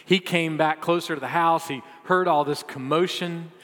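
A man delivering a sermon as a vivid story, his voice moderately high and swinging between loud bursts and hushed lines. A long hall reverb follows each phrase. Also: fairly even intonation, normal speed. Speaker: preacher.

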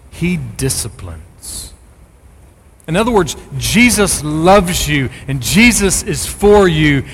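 A middle-aged man preaching a sermon as a pastor, speaking with rising, forceful emphasis on key phrases. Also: mid-range voice, big-room sound, slight background noise.

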